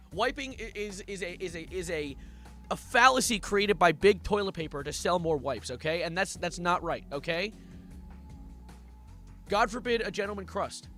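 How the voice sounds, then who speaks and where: A man's voice: sits high, sharp tone. A young man live-streaming, reacting to documents he reads aloud with sarcastic, mocking asides.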